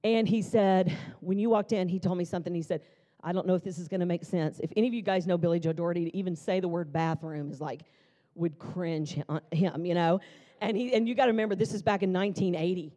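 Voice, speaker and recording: Mellow-voiced woman pastor in an echoey hall. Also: fairly low pitch, fast talker. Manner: chatty and conversational, lively storytelling with asides. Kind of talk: conference sermon with personal testimony. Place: large church hall. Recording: long reverb of a church hall.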